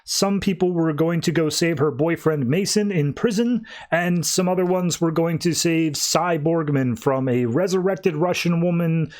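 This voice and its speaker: A man hosts a comics podcast, recapping and reviewing issues in a loose, rambling chat packed with "like"s and restarts. His voice is on the high side and a bit mellow, at normal speed with few pauses. He paraphrases characters in his own voice rather than doing accents.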